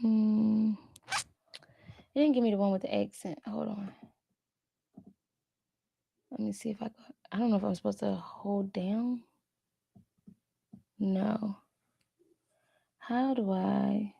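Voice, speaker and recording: A woman chats casually to her viewers while she studies, thinking out loud and sounding out each word with care. Her voice has a gravelly edge, and she talks very slowly. The sound is close and dry. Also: mid-range voice, steady tone, no echo, dull audio. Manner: thinks aloud, chatty, talks to viewers as "y'all"; careful halting tries at Spanish words. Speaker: language learner vlogger. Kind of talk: casual chat while studying.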